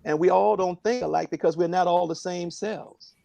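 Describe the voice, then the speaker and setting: A man speaking earnestly and reflectively on a phone prayer line, in a halting way with many fillers. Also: sits high, fairly even intonation, vocal fry, warm tone, dry recording.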